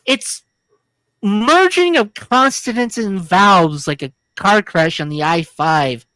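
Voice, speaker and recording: A woman's voice: medium pitch, animated, slow pace, fairly bright tone, dry recording. A woman co-hosting a film review podcast, talking casually in a rambling, jokey, crude way with many restarts. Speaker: podcast co-host.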